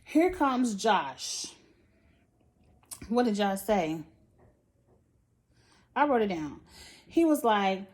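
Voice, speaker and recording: A woman's voice: mid-range voice, sing-song, drawn-out words, pauses often, darkish tone. A woman giving a casual, blunt recap of a reality TV episode. She speaks with sass, cusses and laughs often. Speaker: reality TV reviewer. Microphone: phone or tablet setup.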